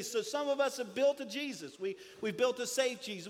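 Pastor, male, forties, lively joking sermon delivery, bright high voice in a reverberant church hall. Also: fairly quick, hardly any pauses. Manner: animated storytelling with humor.

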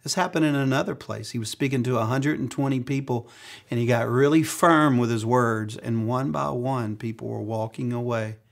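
A middle-aged male pastor preaches with an easy storytelling flow. His voice sits at an ordinary male pitch, and he slips in playful acted-out quotes while keeping the message earnest. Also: normal speed, gravelly. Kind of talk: sermon.

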